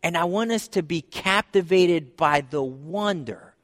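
A man's voice: a little high, measured pace, a bit bright. A man preaching a sermon as pastor, earnest and repeating phrases for emphasis. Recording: long hall reverb.

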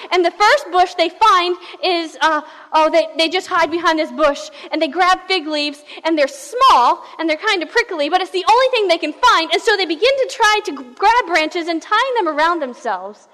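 Woman pastor preaching with lively storytelling, high voice, reverberant church hall. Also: moderate pace. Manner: animated storytelling, shifting pace and volume. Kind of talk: sermon.

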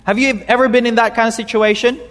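A male pastor preaching a sermon in a church, emphatic and halting with repeats, slowing and dropping low on key words. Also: fairly even intonation, a bit bright, in a large hall.

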